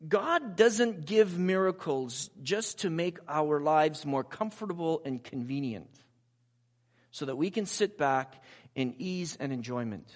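A man's voice: fairly high pitch, animated, measured pace. A man preaching a sermon in a conversational way, with personal asides and rhetorical questions put to his listeners. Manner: asks the audience rhetorical questions.

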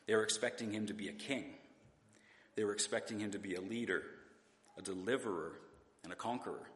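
Man, pastor, sermon, rhetorical questions, deep-ish voice, roomy church sound. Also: fairly quick, a bit bright. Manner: conversational, rhetorical questions, occasional restarts. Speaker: preacher. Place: church sanctuary.

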